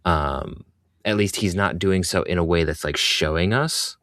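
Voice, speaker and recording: A man's voice: low voice, measured pace, fairly bright tone, dry recording, clean studio sound. A man co-hosting a podcast in casual chat, hesitant with many fillers but opinionated. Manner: hesitant, full of ums and likes, opinionated. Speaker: podcast co-host.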